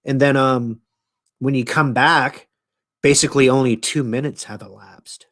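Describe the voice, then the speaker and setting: A man voicing a strange old man who is calm, matter-of-fact and drawls with casual swearing. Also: medium pitch, unhurried, lightly acted.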